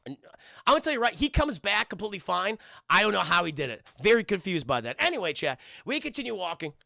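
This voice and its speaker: An excitable man recaps a show for his stream chat and swears freely. His voice is high-pitched and strongly gravelly. The sound is dry and close to the mic. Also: quick pace, no room sound. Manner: excitable, profane, keeps addressing chat. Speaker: streamer and TV reviewer. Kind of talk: casual live-stream recap.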